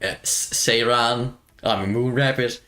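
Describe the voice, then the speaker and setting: A player voicing a timid, weepy moon rabbit girl from a game, in a low, plaintive tone. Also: fairly even intonation, a little slow, sharp tone, soft background music.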